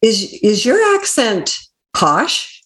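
A woman's voice: mid-range voice, wildly swooping pitch, slow pace, fairly bright tone. A Canadian woman from Ontario who hosts a podcast, asking curious, friendly questions in a casual interview. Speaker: podcast host. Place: London, Ontario.

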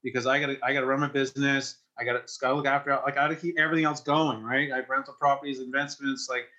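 A Canadian man in his forties, a firefighter, telling an emotional personal story in an interview in a halting way, with many restarts. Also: medium pitch, little pitch movement, sharp tone, muffled recording. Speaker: firefighter and investor.

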